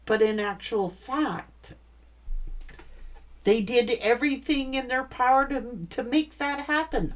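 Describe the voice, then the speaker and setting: A woman's voice: high voice, slow. A woman giving a tarot reading, blunt and emphatic, swearing freely as she talks. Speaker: tarot reader.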